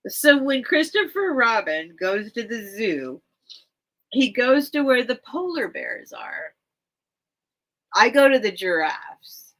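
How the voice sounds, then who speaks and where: A woman's voice: medium pitch, sing-song, a little slow, sharp tone. A woman hosting a live online vintage sale from home, rambling and chatting straight to her viewers. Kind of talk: casual live-stream chat.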